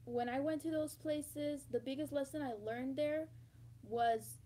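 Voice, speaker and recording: A young woman talking to camera in a rambling confessional vlog, swearing freely and bursting into loud emphatic repetition. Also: high-pitched, unhurried. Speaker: vlogger.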